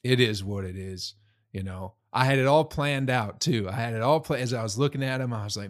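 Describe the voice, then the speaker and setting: A man's voice: mid-range voice, brisk. A man telling stories in a casual, rambling monologue, full of swearing, recorded in a room at home. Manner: profane, rambling and laid-back. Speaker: touring comedian recapping shows.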